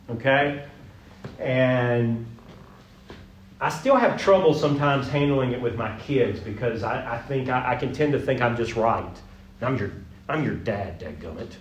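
A man leading an interactive sermon, folksy and animated, asking the room questions. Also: on the high side. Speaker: pastor leading a group session. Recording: roomy echo, mic at a distance.

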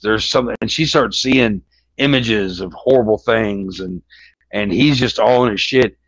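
A man's voice: lowish voice, no echo. A man co-hosting a podcast in casual chat, rambling with many restarts and constant swearing. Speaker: podcast co-host. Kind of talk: casual chat about movies. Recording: dull lo-fi sound.

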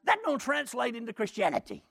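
A preacher tells a story in his sermon with gusto, often breaking into shouts. His voice is gravelly and forceful, with a husky edge. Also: very high-pitched, fairly quick. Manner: animated, often shouting and laughing while telling a story.

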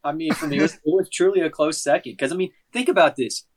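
A man's voice: on the high side, fast. A man co-hosting a podcast, explaining his opinions in a thoughtful, casual way. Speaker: podcast co-host. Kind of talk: casual movie-review chat.

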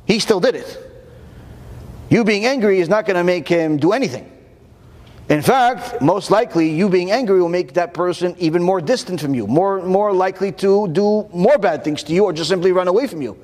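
A man giving a Torah lecture to an audience, animated and full of rhetorical questions, often repeating words while he searches for the next one. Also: high voice, normal speed, big-room sound.

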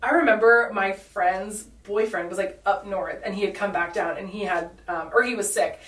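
A woman's voice: medium pitch, moderate pace, a bit bright. A woman in her thirties from Washington State, co-hosting a podcast in casual chat, giggly and full of "like.". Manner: chatty, giggly, lots of "like". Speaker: podcast co-host. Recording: echoey room, mic at a distance.

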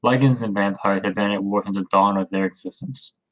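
A man voicing a stern, gruff middle-aged father and leader in a storybook, speaking gravely. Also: lowish voice, steady tone, fairly quick, fairly bright tone, natural voice, poor audio. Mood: solemn.

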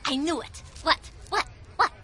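An actress playing a brash, pushy older woman tourist who talks loud and bossy, in a radio drama. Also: high voice, animated, normal speed, very noisy.

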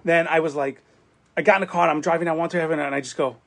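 A man's voice: a little high, steady tone, rapid-fire, creaky, a little hiss or hum. A man in his forties on a podcast, telling a rambling, profane story and acting out the quotes. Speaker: podcast co-host. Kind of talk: casual storytelling chat.

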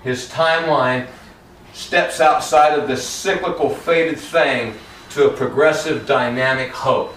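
A man preaching a sermon in a church, lively and conversational, often acting out Bible characters in casual everyday voices. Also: fairly high pitch, a little hiss or hum. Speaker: pastor. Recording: roomy echo, heard from a distance.

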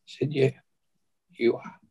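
An Australian man, a podcast guest, earnestly recounting a personal testimony at an unhurried pace and often clearing his throat. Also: dark tone, dull audio.

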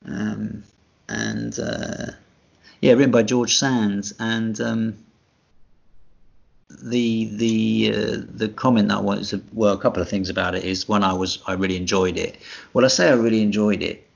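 A man's voice: lowish voice, fairly even intonation, a little slow, gravelly. A man co-hosting a casual podcast chat, hesitant and full of fillers, with a dry, self-mocking humor. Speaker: podcast co-host. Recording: dull lo-fi sound.

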